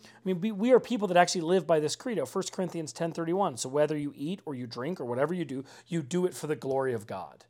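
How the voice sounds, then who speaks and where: A man's voice: a little high, quick pace, darkish tone. Male pastor, casual sermon voice, conversational and earnest with a wry streak. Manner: conversational, peppered with "like" and "right?"; earnest, with dry mocking asides. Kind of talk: informal sermon.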